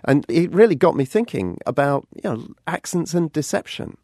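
A man's voice: a little high, very animated, normal speed, a little mellow, dry recording, clean studio sound. A middle-aged man from the UK with a British accent, hosting a radio podcast and narrating a feature with a wry, chuckling manner. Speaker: podcast host and language editor. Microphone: studio mic.

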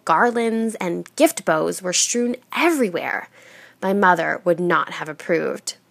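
Gravelly-voiced woman reading a story. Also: medium pitch, no room sound. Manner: steady storytelling read. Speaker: narrator. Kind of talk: reading a personal story aloud.

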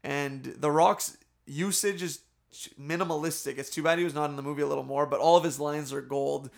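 A man's voice: a little high, steady tone, fairly quick, gravelly. A man co-hosting a casual podcast, recapping movie scenes with eager enthusiasm and frequent laughter. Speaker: podcast co-host.

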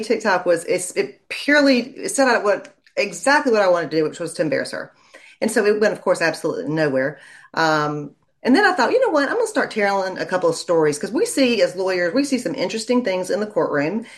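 A woman's voice: on the low side, a little fast. Chatty woman telling stories. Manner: chatty storyteller, animated when quoting people. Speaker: lawyer and legal commentator. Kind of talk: casual interview chat.

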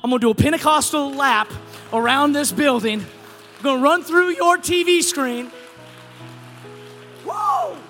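A middle-aged man, a pastor preaching a sermon in an animated way, moving from quiet storytelling to shouting. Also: very high-pitched, moderate pace, long reverb tail, music in the background.

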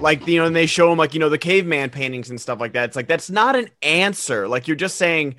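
Bright-voiced, gushing male podcast co-host. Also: a little high, expressive, fast, hardly any pauses. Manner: enthusiastic, gushing, acts out quoted lines. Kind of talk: casual movie chat. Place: remote call.

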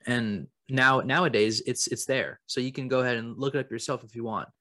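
A young man co-hosting a comedy podcast, spinning absurd claims with a mock-serious, deadpan delivery. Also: medium pitch, fairly quick, no echo, clean studio sound. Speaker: podcast co-host. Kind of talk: improvised comedy podcast chat.

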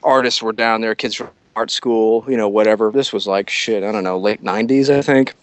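A man's voice: on the low side, fairly even intonation, fairly quick, no echo. Rambling, swearing man telling stories. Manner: rambling, swears freely, self-mocking. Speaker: podcast guest, artist. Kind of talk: casual storytelling chat.

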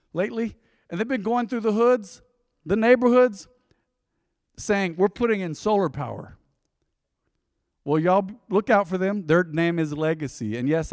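A male pastor preaching from the pulpit, his voice sitting a little high for a man. He tells a story and drops to quiet asides before rising to urge the congregation on. The sound is close and dry but carries a long hall tail. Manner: storytelling preacher, swings from loud exhortation to hushed asides. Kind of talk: sermon.

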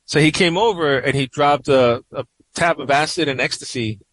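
A man's voice: fairly high pitch, moderate pace, fairly bright tone, dry recording, rough recording. A man in his forties from New York, a guest columnist telling a personal story in a radio interview, reflective and rambling with many "you know"s.

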